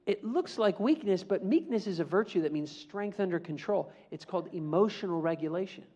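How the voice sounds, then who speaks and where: A man's voice: sits high, fairly quick, muffled recording. A man giving a playful motivational talk to a room full of students and calling for the audience to answer back. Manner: playful, animated, calls for audience responses. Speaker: motivational speaker. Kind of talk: school assembly talk.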